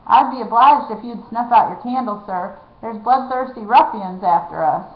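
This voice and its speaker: A woman's voice: on the high side, moderate pace, natural voice. Streetwise boy, wary, slangy whisper, voiced by a woman, lo-fi. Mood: urgent, hushed. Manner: hushed, urgent, street slang. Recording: echoey, dull lo-fi room.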